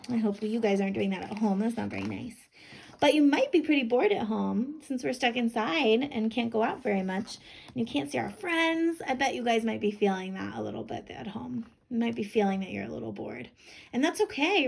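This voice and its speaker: A woman's voice: fairly high pitch, vocal fry, darkish tone. A woman teacher doing a children's read-aloud lesson, talking enthusiastically to kids and checking in with "right?".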